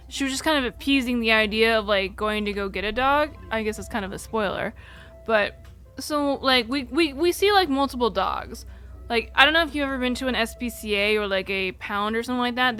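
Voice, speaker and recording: A woman's voice: fairly high pitch, sharp tone. A young woman live streamer telling a personal story in a casual, rambling way, full of "like" and casual swearing, between reading chat. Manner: rambling, candid, fillers like "like" throughout.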